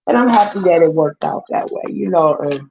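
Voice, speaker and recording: A woman vlogger, casually retelling a story with lively quoted voices. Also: fairly low pitch, moderate pace, gravelly, dull audio, noisy background.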